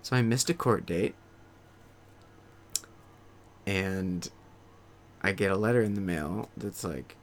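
A man's voice: deep voice, measured pace, slight background noise. A young man casually telling a profane, self-mocking story to camera. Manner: profane, self-mocking, rambling anecdote with acted-out quotes. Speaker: vlogger.

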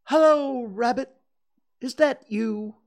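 A man voices a slow, simple-minded bear from a storybook, pitched well up and dawdling over every word. He hesitates and trails off, starting many lines with a small "uh". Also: gravelly, heavily acted. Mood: puzzled.

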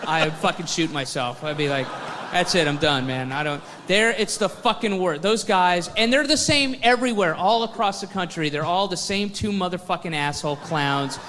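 A male stand-up comedian rants with plenty of swearing, chuckling through his own jokes. His voice sits high and bright, and a long reverb hangs on it from the performance hall. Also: moderate pace, few pauses, a little hiss or hum. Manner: profane ranting with laughs. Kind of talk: stand-up routine.

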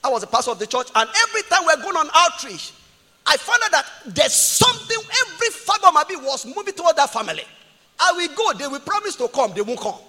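A man preaching a sermon as a pastor, impassioned, swinging between shouts and quiet asides. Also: extremely high pitch, very animated, quick pace, big-room sound. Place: church.

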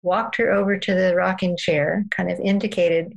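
Woman guest, low gravelly voice, flat, earnest storyteller. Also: normal speed, low-quality recording. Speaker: parenting guest expert. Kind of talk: storytelling in a podcast conversation.

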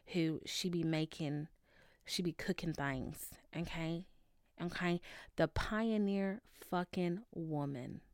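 Animated, foul-mouthed woman podcast host. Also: fairly low pitch, no echo, studio quality. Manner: animated, profane and chatty. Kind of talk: casual chat.

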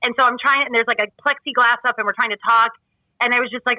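A woman's voice: fairly high pitch, steady tone, quick pace, bright, forceful tone, no echo, highs cut off. A woman guest chatting casually on a podcast, emotional and rambling, with many restarts. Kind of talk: casual chat.

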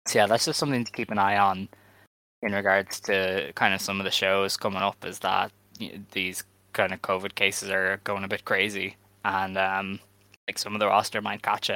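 A low-pitched man with a bright, forward tone, talking casually as a podcast co-host. He hesitates often and fills gaps with ums. The sound is dry and close. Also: no echo, rough recording. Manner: relaxed, hesitant with many fillers. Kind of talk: casual chat.

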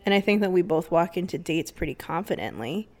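A woman's voice: fairly low pitch, animated, a little fast, darkish tone. A young woman co-hosting a podcast, chatting loosely with lots of fillers and frequent laughter. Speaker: podcast co-host. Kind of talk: casual chat.

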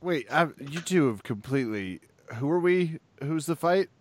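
A man co-hosting a casual podcast, playful and quick to laugh at himself. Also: on the high side, lively intonation, slight background noise. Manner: playful, self-mocking. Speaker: podcast co-host. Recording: dry close sound.

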